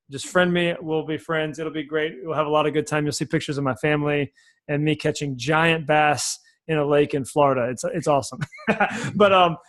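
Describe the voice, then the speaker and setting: A man with a higher-pitched voice appears on a podcast as a sales coach, laying out his method with folksy energy and returning again and again to key phrases.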